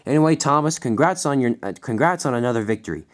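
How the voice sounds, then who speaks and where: A man puts on a firm, lively voice for a stern middle-aged railway boss. He announces and scolds in a businesslike way, pausing on his words. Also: mid-range voice, lightly acted.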